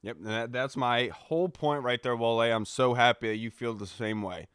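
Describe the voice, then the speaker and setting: A man hosts a casual sports podcast with an upbeat, agreeable manner, steering the discussion and handing off questions. His voice sits in a middle pitch. The sound is dry and close. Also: normal speed, fairly bright tone, clear, resonant tone, no echo. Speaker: podcast host.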